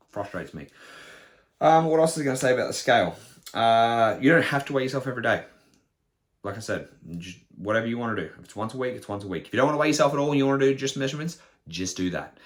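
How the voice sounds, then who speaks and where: A young man, a personal trainer, talking casually on his podcast in a blunt, swearing, ranting way. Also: medium pitch.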